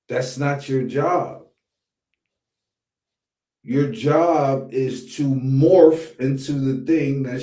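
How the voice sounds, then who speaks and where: Man, podcast host, blunt and profane, slow delivery, mellow tone, echoey room. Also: medium pitch. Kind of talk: casual commentary.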